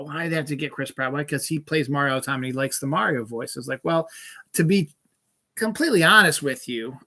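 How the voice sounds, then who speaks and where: A male host chatting casually on his own, his voice bright and slightly high. He rambles along, breaking off with little fillers and restarts as he goes. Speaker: podcast host. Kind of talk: casual solo chat.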